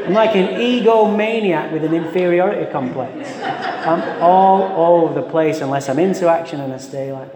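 Animated man telling stories in a hall. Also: fairly high pitch. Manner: animated, self-mocking, swears. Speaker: recovery meeting speaker. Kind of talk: storytelling talk to a live audience. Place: large hall with audience. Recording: echoey hall sound.

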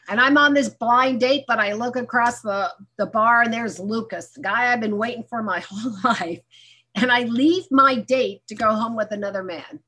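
A woman's voice: medium pitch, bright, forceful tone. A middle-aged woman candidly telling her own recovery story, mixing humor into a personal testimony.

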